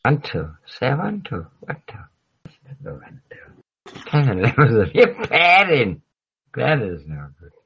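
A man's voice: medium pitch, huge pitch swings, measured pace, a bit bright, breathy edge. Rambling, swearing man on a dull lo-fi stream. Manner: rambling, swears freely, trails off mid-sentence. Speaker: livestream host. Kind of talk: casual rambling chat. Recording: dull lo-fi recording.

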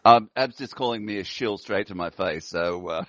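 A man's voice: on the low side, moderate pace, a bit bright, no echo, lo-fi sound. A man hosting a casual online chat show, talking in a rambling way and laughing often. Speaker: host.

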